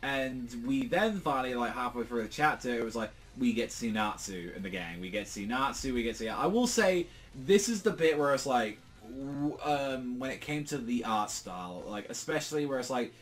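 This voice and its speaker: A man's voice: mid-range voice, lively intonation, moderate pace. Rambling British guy reviewing manga. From Britain. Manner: rambling, lots of fillers and swearing, acts out quotes in jumpy bursts. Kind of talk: casual solo review chat.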